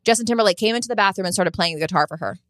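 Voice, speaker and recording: A woman's voice: medium pitch, rapid-fire, no echo, clean studio sound. A woman co-hosting a podcast in casual chat, blunt and opinionated, telling stories with energy. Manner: blunt, opinionated, lively storyteller. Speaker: podcast co-host.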